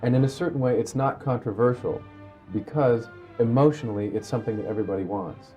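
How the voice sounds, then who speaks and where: A man in his thirties, an actor, speaking thoughtfully in an interview, pausing and restarting his phrases. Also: medium pitch, mellow, faint music behind. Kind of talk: sit-down interview.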